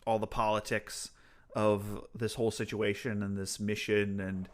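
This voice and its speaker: A man's voice: on the low side, level tone, unhurried. A man co-hosting a podcast, retelling a book chapter in casual chat with fillers and frequent laughs. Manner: laid-back storytelling, frequent laughs and fillers. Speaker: podcast co-host.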